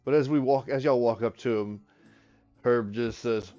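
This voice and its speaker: A man narrating a tabletop role-playing game as game master, in a relaxed way. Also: medium pitch, normal speed, highs cut off, soft background music.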